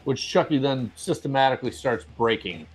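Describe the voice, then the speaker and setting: A male co-host in casual podcast banter who drops wry, deadpan asides. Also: medium pitch, fairly quick, slightly rough, low-quality recording.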